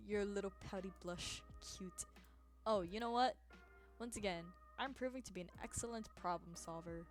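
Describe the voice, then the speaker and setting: A woman's voice: mid-range voice, normal speed, hardly any pauses, soft background music. A woman streaming a game, reading her lines in a playful, teasing, giggly way. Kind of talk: casual game playthrough.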